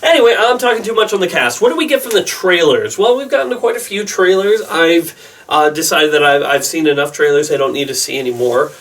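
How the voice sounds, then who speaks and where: A young man with a somewhat high voice rambles through his movie predictions, excitable and full of asides. He sounds set back a little from the microphone. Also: a little fast, far from the mic. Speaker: movie vlogger. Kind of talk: casual opinion vlog.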